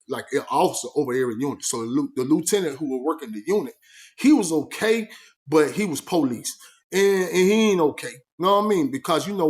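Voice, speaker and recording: Guy telling a story, kinda high voice for a man, acts out every line and throws in sound effects, lots of "you know what i mean". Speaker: vlogger recounting his prison life. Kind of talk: animated storytelling.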